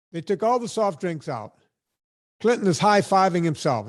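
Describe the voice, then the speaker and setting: A man's voice: high-pitched, animated, normal speed. A man hosting a podcast, ranting bluntly and sarcastically in casual chat. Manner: blunt, sarcastic, emphatic rants. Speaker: podcast host.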